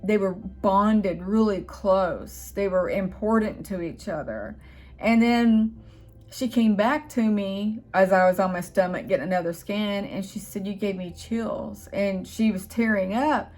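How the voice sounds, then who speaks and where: A woman's voice: medium pitch, measured pace, darkish tone. A woman telling a personal spiritual story in a casual vlog, earnest and rambling, with hesitations and restarts. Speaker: channel host.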